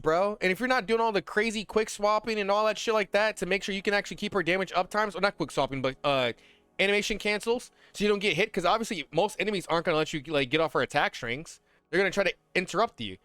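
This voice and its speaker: Man, high-pitched voice, dry close sound, heated slangy gaming rant, swears a lot, faint music behind. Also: fairly bright tone, clean tone, no room sound. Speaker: gaming content creator. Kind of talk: casual ranting commentary.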